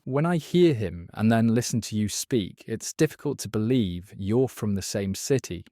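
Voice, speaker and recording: A man's voice: on the low side, animated, normal speed, dark tone, no echo, studio quality. A man chatting confidently and teasingly as a quiz contestant on a podcast. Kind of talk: casual chat.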